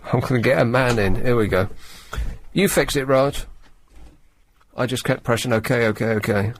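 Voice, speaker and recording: A man's voice: medium pitch, normal speed, long pauses, background noise. A male radio host in a studio, reading a newspaper story aloud with sarcastic, wry asides. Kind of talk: late-night radio talk, reading the paper aloud. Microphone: studio microphone.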